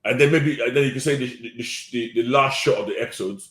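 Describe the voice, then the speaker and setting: A Nigerian-accented man co-hosts a casual podcast reviewing an episode, hesitant and hedging, often repeating words and quick to agree. His medium-pitched voice is a bit bright, and the recording has a roomy echo.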